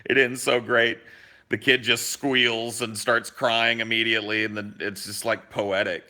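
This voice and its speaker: A young man with a strikingly bright, forceful voice, chatting on a podcast. He tells stories with animated energy, swears casually and jumps into other people's voices for quotes. His voice sits a little lower than most men's. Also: unhurried. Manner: animated storyteller, swears freely, acts out quotes. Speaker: podcast co-host.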